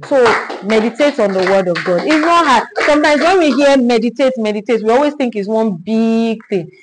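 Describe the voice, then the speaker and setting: A woman leading a Bible study, teaching in an animated way, repeating herself and asking rhetorical questions. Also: on the high side, brisk, a little hiss or hum, low-quality recording.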